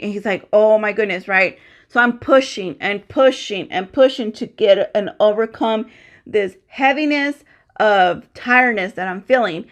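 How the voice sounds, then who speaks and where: A woman's voice: medium pitch, unhurried. A woman in her thirties telling her own story in a casual, chatty vlog, speaking straight to her viewers and acting out the conversations she recalls. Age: 30s. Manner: chatty, addresses viewers as guys, acts out dialogue. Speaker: vlogger sharing a personal story.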